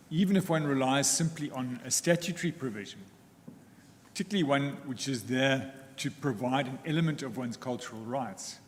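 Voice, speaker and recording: A male advocate, presenting a legal argument in a measured, formal manner, pausing often between phrases. His mid-pitched voice carries a long echo from the courtroom, with faint ambient noise behind him. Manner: measured, deliberate, formal, with frequent pauses. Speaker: counsel for the applicants.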